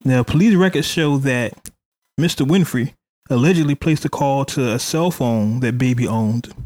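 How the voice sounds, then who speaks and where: A man's voice: medium pitch, moderate pace, darkish tone, no echo. A man hosting a casual podcast, chatty and hedging, stopping often to say allegedly. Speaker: podcast host. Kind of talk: casual hip hop news chat.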